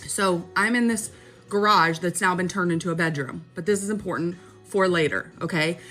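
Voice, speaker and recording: A woman's voice: lowish voice, moderate pace, fairly bright tone, soft background music. A young woman casually telling a personal story, chatty and dramatic, often checking in with her listener. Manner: chatty, keeps checking in with "okay?".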